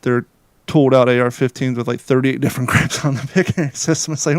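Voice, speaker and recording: A man hosting a podcast who asks questions in a relaxed way and adds quick joking remarks. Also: medium pitch, dry recording. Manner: chatty, jokey asides. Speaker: podcast host. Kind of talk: casual podcast interview.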